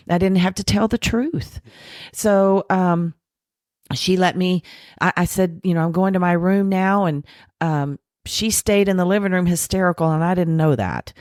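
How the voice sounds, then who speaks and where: A woman guest candidly telling her recovery story, acting out quoted voices and slowing down to make her points. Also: on the low side, no echo, studio quality. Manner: frank, animated retelling with acted quotes and self-deprecating laughs; slows down and softens for spiritual points. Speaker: podcast guest.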